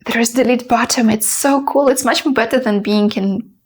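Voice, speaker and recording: Chatty, animated young woman vlogger. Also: a little high, normal speed. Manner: chatty and animated, with fillers and light laughs. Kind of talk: casual talk to camera.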